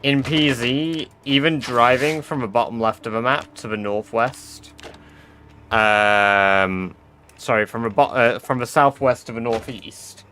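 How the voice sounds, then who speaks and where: A man's voice: mid-range voice, steady tone, a little slow, pushed and bright, slight background noise. A British man on a live game stream, rambling and thinking aloud in casual chat, swearing now and then.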